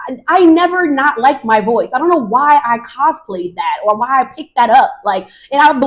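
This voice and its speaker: A woman around thirty hosting her own podcast, talking casually and off the cuff in an animated, slangy way with laughs. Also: on the high side, normal speed. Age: 30s. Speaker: podcast host. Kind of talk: casual solo podcast monologue.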